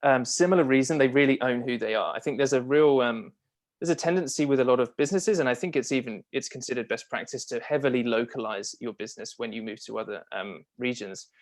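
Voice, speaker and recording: A man's voice: mid-range voice, fast talker. A man being interviewed as a copywriter and marketing strategist, talking casually and enthusiastically with frequent fillers and restarts.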